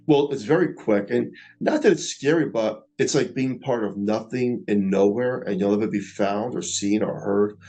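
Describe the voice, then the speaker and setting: A middle-aged man, earnestly recounting a personal experience in a slow, reflective way. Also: on the low side, a little mellow, poor audio. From Staten Island, New York. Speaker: near-death experiencer. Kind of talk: personal storytelling.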